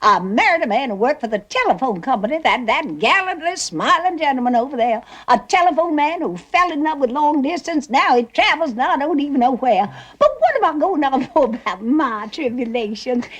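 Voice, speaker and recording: A faded Southern belle mother with a Southern accent. She chatters on genteelly in a high, swooping voice, sprinkling her talk with little laughs. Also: lively intonation, fairly quick, few pauses, a bit bright. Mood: gushing. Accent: American Southern.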